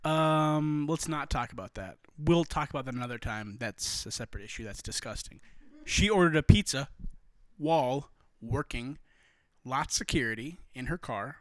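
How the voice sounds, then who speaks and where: A young man from the United States hosts a casual podcast, rambling from one joke to the next and swearing freely. His voice sits at a middling pitch, and the recording is dry and close-miked with no room sound. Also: animated, normal speed, a bit bright, no echo. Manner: rambling, profane, joking. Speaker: podcast host. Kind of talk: casual chat.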